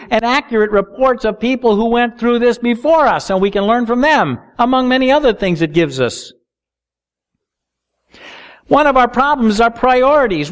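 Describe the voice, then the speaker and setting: A middle-aged man preaching a sermon as pastor, earnest, slowing down to stress key words. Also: high-pitched.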